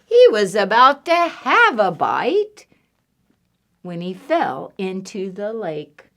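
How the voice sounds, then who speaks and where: A woman reading at a library storytime with a lively voice that swoops up and down. She takes her time and moves slowly and deliberately, voicing the animal noises in a playful, sing-song way. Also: medium pitch. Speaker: children's librarian.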